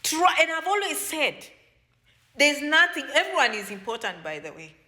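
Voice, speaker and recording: A woman's voice: sits high, sing-song, normal speed, sharp tone. A woman giving a motivational advice talk to her viewers, lecturing them directly and peppering it with rhetorical questions. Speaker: advice vlogger for immigrants.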